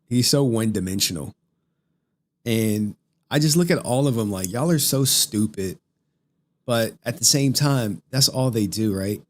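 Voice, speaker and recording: A man hosting a live stream, ranting casually with lots of swearing and laughter while he reads chat messages. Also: on the low side. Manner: profane, laughing, rambling, reads super chats. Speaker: streamer host.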